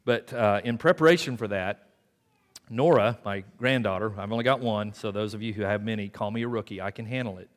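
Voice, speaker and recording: An older man preaching a sermon in a church, talking in a conversational way and dropping to quiet asides. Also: lowish voice, brisk. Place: church sanctuary. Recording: long hall reverb in a church.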